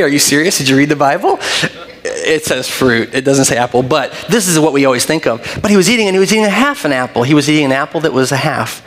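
A middle-aged man preaching in a church, his voice carrying through a hall with long reverb. He tells stories in an animated way, laughs often, and then settles into prayer. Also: on the high side. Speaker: pastor. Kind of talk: sermon. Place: church sanctuary.

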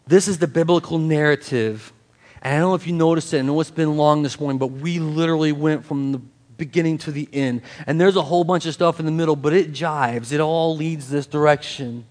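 A male pastor with a slightly high, slightly mellow voice preaches a sermon into a handheld or stand microphone in a church sanctuary. He reads scripture, then talks plainly with casual asides and leads a prayer.

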